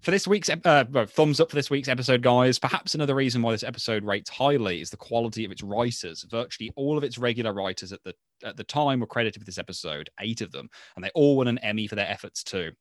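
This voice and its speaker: A man chatting as a podcast co-host, easygoing and full of small hesitations. His voice sits at a middling pitch, recorded close and dry with no room sound. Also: fast, hardly any pauses, no echo. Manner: relaxed, chatty, hesitant fillers. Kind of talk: casual chat, reading listener mail. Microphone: handheld mic held close.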